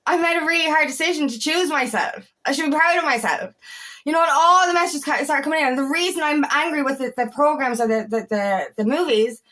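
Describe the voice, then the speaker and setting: A woman's voice: sits high, fairly quick, sharp tone. A woman, an empowerment coach, talking candidly and emphatically, swearing often and sometimes raising her voice. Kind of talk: candid personal monologue.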